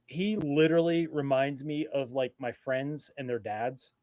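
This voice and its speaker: A man co-hosting a casual live stream, telling stories in an animated, profane way. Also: medium pitch, unhurried, dry recording.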